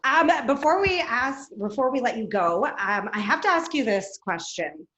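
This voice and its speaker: Bubbly woman co-host, lively pitch. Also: normal speed. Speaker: podcast co-host. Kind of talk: casual chat.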